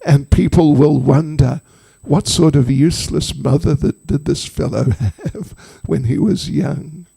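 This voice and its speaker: Slow, gravelly male spiritual teacher. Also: on the high side, warm tone. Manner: humorous, chatty asides to audience. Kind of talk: devotional storytelling talk.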